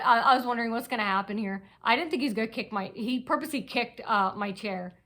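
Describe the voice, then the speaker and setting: Woman vlogger ranting, kinda high bright sharp voice, keeps restarting her sentences. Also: a little fast, few pauses. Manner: agitated, aggrieved, restless storytelling with many restarts. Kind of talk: rambling personal monologue.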